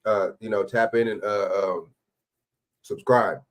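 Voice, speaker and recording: A man's voice: fairly low pitch, steady tone, unhurried. Profane, heated man ranting on stream. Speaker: livestream host. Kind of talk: casual reaction commentary.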